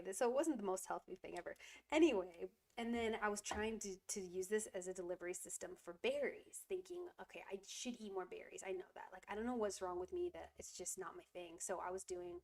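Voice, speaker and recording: A woman's voice: big pitch swings, brisk, creaky, a little mellow. A woman chatting casually while livestreaming resin crafts at home, giggly and apologetic, full of fillers, with a stuffy nose. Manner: high coaxing voice when soothing her cat. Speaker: resin jewelry streamer. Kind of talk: casual live-stream chat.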